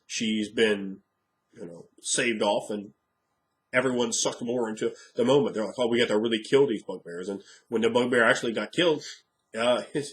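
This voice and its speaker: A man in a casual monologue about tabletop games, speaking frankly and rambling as he thinks aloud. His voice sits at a medium pitch. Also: fairly bright tone. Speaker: game master.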